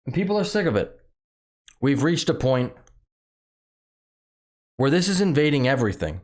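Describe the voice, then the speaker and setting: A man's voice: mid-range voice, big pitch swings, moderate pace, a little mellow. Ranting man with a slight lisp. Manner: heated, repetitive, full of fillers. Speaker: channel host commenting on news. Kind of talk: casual ranting commentary.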